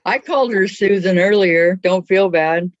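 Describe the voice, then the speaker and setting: A woman's voice: medium pitch, normal speed, no echo. Woman chatting on a muffled video call. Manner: relaxed, chatty, trailing off mid-thought. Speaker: craft class participant. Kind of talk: casual chat while crafting.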